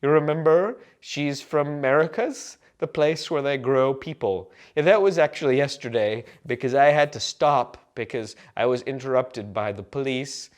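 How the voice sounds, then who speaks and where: A man vlogging to camera in a rambling, absurd comic monologue full of fillers and deadpan jokes. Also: medium pitch, moderate pace, few pauses.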